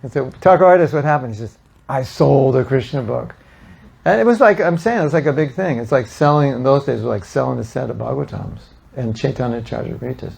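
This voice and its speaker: Older man, gravelly voice, mid pitch, lively storyteller, talks to a gathering, animated quoting. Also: fast. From United States. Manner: animated storyteller, acting out quotes with laughs. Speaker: speaker at a devotional gathering. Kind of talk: storytelling talk to an audience.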